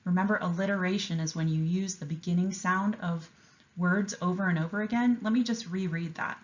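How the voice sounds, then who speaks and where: A woman teacher reading a picture book aloud with an expressive, enthusiastic delivery and explaining a writing lesson to young students. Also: lowish voice, a little fast, muffled recording.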